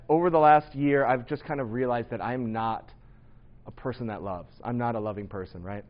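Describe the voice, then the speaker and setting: A man, a pastor in his thirties, preaching in a casual, candid storytelling way with lots of filler words and tag questions. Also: mid-range voice. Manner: candid, rambling, lots of "like" and "right?". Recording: slightly dull lo-fi sound.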